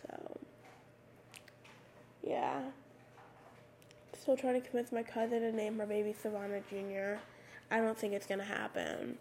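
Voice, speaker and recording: A teenage girl hosting her own podcast, raspy with a slight lisp on her s sounds, rambling casually with lots of "like" fillers into a USB microphone. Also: mid-range voice, little pitch movement, a little slow, pauses often, darkish tone, a little hiss or hum. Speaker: podcast host. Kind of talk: casual solo podcast talk. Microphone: USB microphone at a computer.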